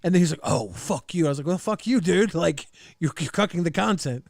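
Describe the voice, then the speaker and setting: A man's voice: on the high side, lively intonation, fairly quick, gravelly, darkish tone, dry recording. A middle-aged man hosting a casual chat show, laughing through his own stories as he reads out chat comments. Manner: storytelling, laughs through anecdotes. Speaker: show host. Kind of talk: casual chat reacting to old clips.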